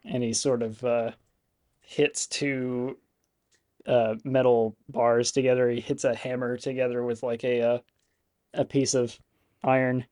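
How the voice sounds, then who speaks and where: A man narrating a tabletop game as game master, halting and full of fillers. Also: medium pitch, little pitch movement, a little mellow, dry recording, clean studio sound.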